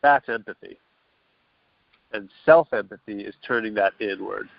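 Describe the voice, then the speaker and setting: A man's voice: on the low side, normal speed, vocal fry, no room sound. A man as an interview guest, explaining earnestly and loosely over the phone, with restarts and acted-out quotes. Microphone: telephone. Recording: dull, dry phone line.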